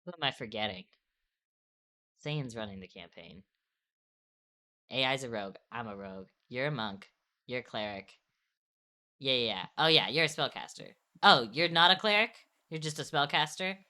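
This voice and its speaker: A woman's voice: very deep voice, lively intonation, moderate pace, pauses often, sharp tone. A young woman streamer chatting casually while drawing, rambling and correcting herself as she goes, often laughing.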